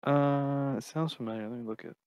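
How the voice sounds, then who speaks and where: A man co-hosting a gaming podcast, chatting offhandedly and reading news articles aloud in a plain, steady way. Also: medium pitch, brisk, smooth, no room sound. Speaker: podcast co-host.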